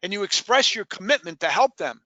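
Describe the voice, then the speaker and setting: A man leading a sales training session in a lively, emphatic way, repeating key points and questioning his trainees. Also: sits high, fairly quick, no room sound.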